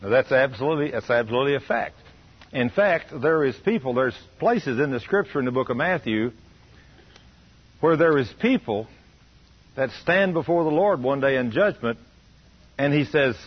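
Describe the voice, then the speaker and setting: A man preaching a recorded teaching to a small group, slow and emphatic. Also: fairly high pitch, lively intonation, slightly rough, dull audio.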